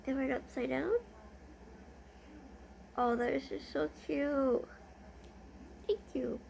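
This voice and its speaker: Gushing high-voiced woman with gravelly fry. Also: steady tone, slow, a little mellow, a little hiss or hum. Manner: gushing, easily delighted. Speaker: vlogger. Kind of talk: casual unboxing chat.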